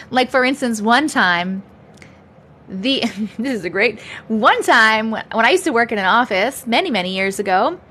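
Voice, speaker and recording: Live-stream host, woman in her 30s: animated, high voice, giggly, faint background noise. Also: unhurried, long pauses. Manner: laughs often, chatty and upbeat. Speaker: livestream host. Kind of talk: casual live-stream chat.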